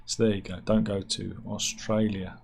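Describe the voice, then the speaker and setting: A man hosting a satirical news vlog, reading out stories with wry, deadpan asides and mock outrage. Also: fairly low pitch, normal speed, gravelly, a little hiss or hum. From United Kingdom. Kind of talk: offhand comic news chat.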